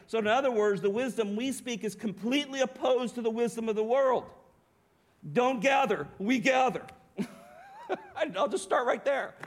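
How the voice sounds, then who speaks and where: Man, pastor, sermon, high voice, emphatic, asks the room questions. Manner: emphatic preaching, rhetorical questions, occasional laughs.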